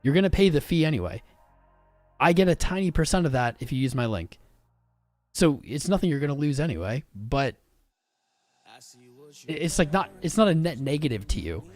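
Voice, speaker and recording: A young man hosting a casual livestream, chatting with viewers in an excitable, informal way. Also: fairly high pitch, normal speed, pauses often, no echo, soft background music. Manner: animated, swearing, informal and excitable. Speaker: crypto livestream host. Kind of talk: casual livestream chat reading viewer comments.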